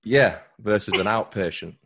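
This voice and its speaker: British guest, low-pitched, easygoing and explanatory; a podcaster being interviewed. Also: male voice, moderate pace, gravelly, fairly bright tone, a little hiss or hum. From Britain. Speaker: true crime podcaster, guest. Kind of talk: casual interview conversation.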